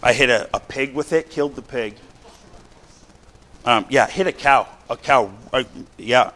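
A middle-aged man preaching a sermon to his congregation, chatty and animated, full of rhetorical questions and asides. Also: mid-range voice, unhurried. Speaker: pastor. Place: church sanctuary.

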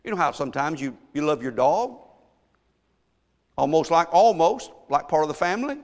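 A male pastor preaching a sermon, telling a story and swinging from hushed asides to shouted emphasis. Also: a little high, sing-song, normal speed. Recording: long echo of a large hall.

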